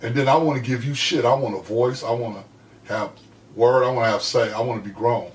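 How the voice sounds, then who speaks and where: A man shares a personal story in relaxed podcast chat. He is emphatic and heartfelt, his voice rising and dropping low as he talks. He sits back from the mic in an echoey room. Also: brisk, far from the mic. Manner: heartfelt, emphatic, swings between loud and hushed. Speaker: podcast co-host.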